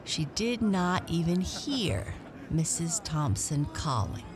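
A woman reading a children's storybook aloud in a gentle, expressive way. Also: low voice, slow pace, music in the background.

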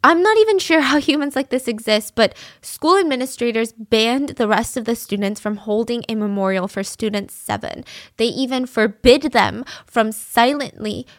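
A fairly high-voiced woman recounts a true-crime case in a casual chat, animated and openly indignant. The recording is close and dry, with almost no room sound. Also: normal speed, no echo. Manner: indignant, animated retelling with fillers.

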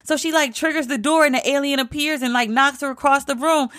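A woman's voice: high-pitched, fairly even intonation, fairly quick, fairly bright tone. A woman recapping a TV show in casual, emphatic talk, with some swearing. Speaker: TV show reviewer.

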